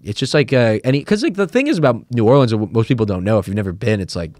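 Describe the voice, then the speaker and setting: Lowish casual man telling rambling stories. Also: big pitch swings, quick pace, darkish tone, dry recording, clean studio sound. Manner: rambling storyteller, heavy filler "like", acts out quotes. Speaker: podcast host. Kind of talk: casual chat.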